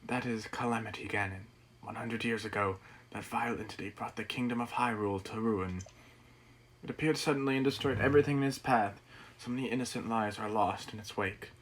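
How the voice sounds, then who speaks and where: A man's voice: on the low side, brisk, fairly bright tone, low-quality recording. A man voicing a mysterious old man from a game, reading the dialogue aloud in a put-on accent. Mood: grave, measured.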